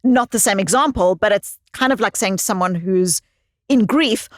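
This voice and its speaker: A woman's voice: medium pitch, brisk, no echo. A woman psychologist speaks as an interview guest in a mid-range voice. She tells stories expressively and leans on repeated phrases for emphasis. The recording is close and dry, with no room sound. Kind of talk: conversational interview storytelling.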